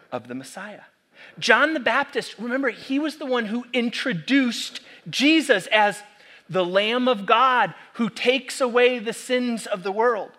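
A man preaching a sermon, animated and full of rhetorical questions to the congregation. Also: sits high. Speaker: pastor.

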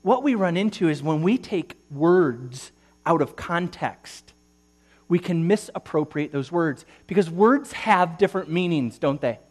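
A man preaching a sermon to a congregation, reading scripture aloud and asking animated rhetorical questions. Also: fairly high pitch, a little slow. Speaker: pastor.

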